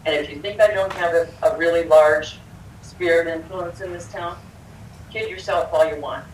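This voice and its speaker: A woman's voice: lowish voice, steady tone, moderate pace, a little hiss or hum. Older woman, public commenter, blunt and confrontational, echoey hall, mic at a distance. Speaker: public commenter at a school board meeting. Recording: echoey hall, picked up from afar.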